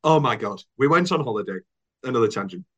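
A British man chatting on a podcast, spinning rambling stories full of false starts. He slips into silly voices to quote people, then drops back to his mid-pitched everyday tone. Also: lively intonation, fast, fairly bright tone. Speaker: podcast host. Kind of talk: casual chat, anecdotes.

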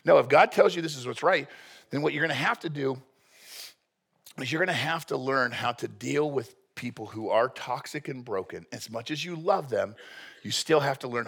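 A man's voice: mid-range voice, animated, normal speed, creaky, fairly bright tone, slightly rough. A male pastor preaching a sermon in a blunt, earnest, joking manner.

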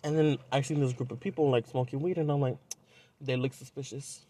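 A man's voice: mid-range voice, fast, mellow. A young man from Southern California, telling a dating story on a podcast in a blunt, profane, casual way. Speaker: podcast host.

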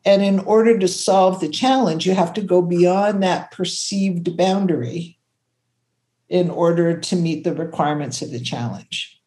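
An older woman from Canada, a creativity consultant, telling stories in an animated, conversational way and acting out the voices she quotes. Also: unhurried. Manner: expressive, acts out quotes, jumps to high pitch when excited.

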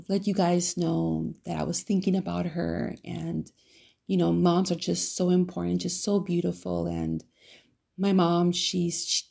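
Gravelly, low-voiced woman podcaster. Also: darkish tone. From California. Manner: loving, rambling, with many fillers and restarts. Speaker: podcast host. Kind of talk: casual solo podcast monologue.

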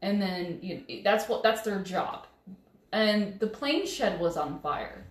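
A woman's voice: medium pitch, animated, slow pace, roomy sound. A woman telling a personal story in an earnest, emotional way, often stopping and restarting her sentences. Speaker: vlogger.

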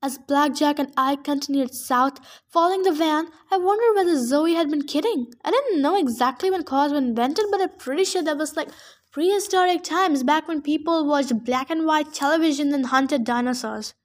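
High-voiced woman reading aloud casually. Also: normal speed. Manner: chatty, adds her own asides. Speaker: reader. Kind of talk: casual audiobook fan reading.

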